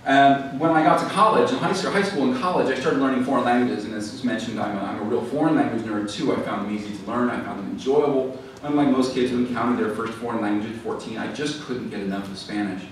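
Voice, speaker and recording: A man's voice: medium pitch, quick pace. A man giving a talk to an audience, telling stories in a chatty way with fillers and restarts. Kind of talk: lecture to a live audience. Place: library event hall. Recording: echoey hall, mic at a distance, faint noise.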